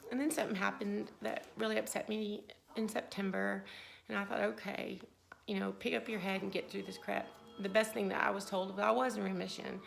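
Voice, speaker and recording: A woman with a strongly creaky, gravelly voice shares a personal faith story. She talks in a casual, earnest way and often quotes her own thoughts as she goes. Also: mid-range voice, fairly bright tone. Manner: earnest, conversational, with frequent restarts and quoted inner thoughts. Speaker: vlogger sharing a personal faith testimony.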